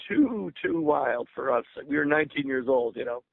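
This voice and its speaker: An older man with a gravelly voice tells stories as a guest on a radio show. He speaks eagerly, restarting words and laughing as he goes. His voice comes over a narrow, tinny phone line with no room sound. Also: medium pitch, expressive, moderate pace, no room sound. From Berwyn, Illinois, USA. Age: 60s. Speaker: guest musician. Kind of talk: radio interview storytelling.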